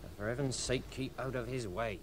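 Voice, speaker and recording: Man as a cautious third officer, radio play, middle pitch, noisy recording. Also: a little fast, natural voice. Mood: concerned. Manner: cautious, concerned.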